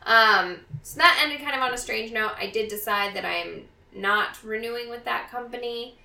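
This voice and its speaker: A woman's voice: a little high, moderate pace, gravelly, bright, forceful tone, echoey room, far from the mic. A woman co-hosting a casual podcast at a friend's home, chatty and frank. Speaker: podcast co-host.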